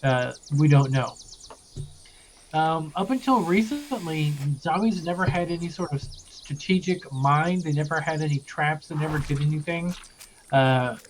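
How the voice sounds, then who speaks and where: A young man recapping a tabletop campaign as game master, loose and rambling with many pauses. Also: a little high, a little hiss or hum.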